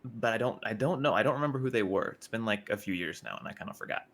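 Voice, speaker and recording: Low-voiced man with a bright edge. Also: lively intonation, fast. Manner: easygoing, slightly awkward storytelling. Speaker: streamer and show regular. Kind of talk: casual chat.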